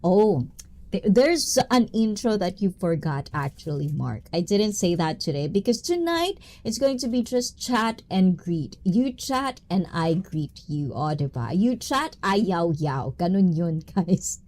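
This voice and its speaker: A woman's voice: lowish voice, sing-song, unhurried, a little mellow. A woman hosting a casual livestream, greeting viewers one by one in a bubbly, playful way, mixing English with Tagalog and Japanese phrases. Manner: giggly, with frequent catchphrases. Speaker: livestream host.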